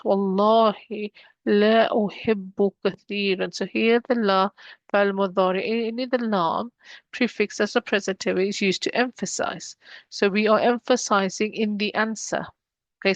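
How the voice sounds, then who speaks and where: A woman's voice: mid-range voice, no room sound. A woman teaching an Arabic grammar lesson, explaining each rule step by step and mixing English with Arabic terms.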